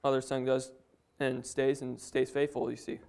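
A man's voice: medium pitch, completely flat delivery, moderate pace, vocal fry, a little mellow, smooth. A man preaching a sermon, reading scripture aloud and then explaining it in his own words with frequent restarts.

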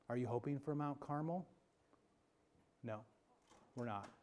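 A man preaching a sermon as pastor, swinging between emphatic calls and soft, hushed passages. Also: medium pitch, measured pace, long pauses, a little hiss or hum. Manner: preaching with rising emphasis, then dropping to a soft hush.

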